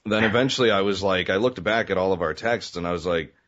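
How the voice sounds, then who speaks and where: A man with a very deep voice talks as a guest in a relaxed interview chat. He rambles, full of "um" and "you know", and laughs easily. The sound is muffled and lo-fi. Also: quick pace. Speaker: guest, web comedy creator.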